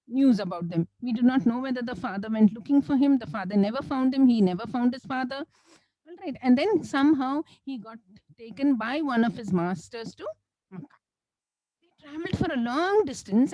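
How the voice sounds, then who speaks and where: A woman from South India, telling a religious story as a lecturer in an animated way, often saying "you know" and devotional phrases. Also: high-pitched, rough recording. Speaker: Islamic lecturer.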